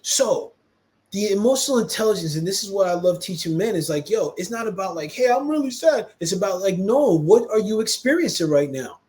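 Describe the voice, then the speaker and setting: Man, podcast host, mid-high voice, emphatic and animated, slips into quoted voices. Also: a little fast. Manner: animated, emphatic, calls listener "bro"; acts out quoted dialogue in shifting voices. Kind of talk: casual podcast conversation.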